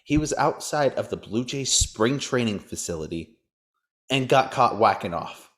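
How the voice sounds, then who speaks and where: A man's voice: medium pitch, animated, normal speed, a bit bright. A man hosting a casual sports podcast, ranting and cracking crude jokes. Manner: crude, joking rants. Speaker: podcast host.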